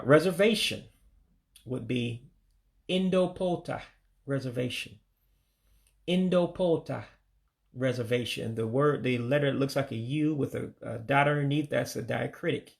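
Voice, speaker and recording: An American man giving a casual vocabulary lesson, saying each word slowly, repeating it, then giving its English meaning. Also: medium pitch, creaky. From United States. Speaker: language learner teaching vocabulary.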